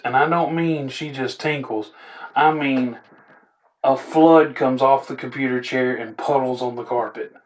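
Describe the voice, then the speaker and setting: Young man, casual storyteller, laid-back and rambling, average pitch. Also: measured pace. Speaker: vlogger telling funny stories.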